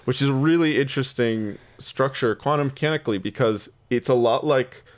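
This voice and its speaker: An eager male host in casual science chat, rambling through explanations with frequent laughter. His voice sits at an ordinary middle pitch. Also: a little fast, a little hiss or hum. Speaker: podcast host.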